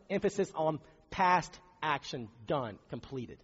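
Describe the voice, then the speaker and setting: Husky-voiced man preaching in a hall. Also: on the high side, fairly quick. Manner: conversational, animated, asks rhetorical questions. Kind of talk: sermon. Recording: dull recording in a reverberant hall.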